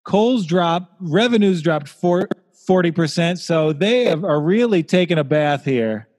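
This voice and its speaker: Dude hosting a finance-y comedy podcast, dry jokes, kinda high voice, sounds like a big echoey room. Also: male voice, animated, unhurried, a little mellow. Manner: dry, wry, reading out figures. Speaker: podcast host. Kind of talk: casual comedic podcast chat.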